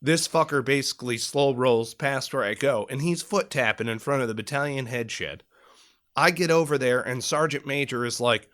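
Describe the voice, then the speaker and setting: Bright-voiced man telling a profane story. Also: medium pitch, moderate pace. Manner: profane, animated, acts out shouted quotes. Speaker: podcast co-host telling a military story. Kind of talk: casual storytelling chat.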